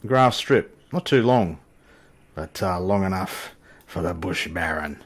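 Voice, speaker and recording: Husky low-voiced Australian man, lively. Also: slow. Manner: chatty, joking, self-deprecating. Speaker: flight sim channel host. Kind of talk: casual gameplay commentary.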